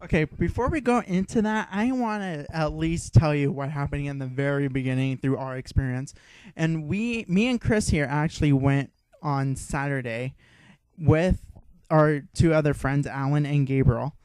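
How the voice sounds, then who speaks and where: A young man co-hosting a podcast, telling a story in casual chat, excitable and swearing freely. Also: a little high, normal speed, smooth, no room sound. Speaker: podcast co-host.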